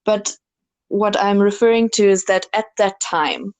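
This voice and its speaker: A woman's voice: mid-range voice, a little slow. Earnest woman podcast co-host. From South Africa. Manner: earnest, explains at length with many fillers. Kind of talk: casual chat.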